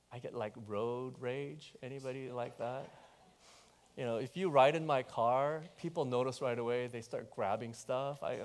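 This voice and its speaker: A man preaching a sermon as pastor, telling a personal story in an animated way and talking straight to the congregation. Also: mid-range voice. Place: church.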